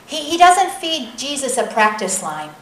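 Woman preacher, high voice, chatty sermon, keeps saying right?, echoey room. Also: unhurried. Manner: animated, conversational, keeps asking the audience "right?".

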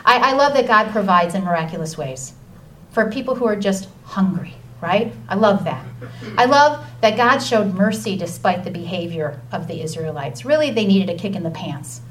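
A woman teaching a lively Bible lesson to children, chatty and enthusiastic, reading scripture aloud. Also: medium pitch, moderate pace. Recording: distant mic with faint noise.

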